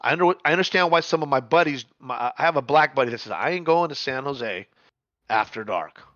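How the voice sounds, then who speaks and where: A middle-aged man telling a story in casual chat, animated, repeating words and swearing freely. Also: mid-range voice, a little fast, dry recording, muffled recording.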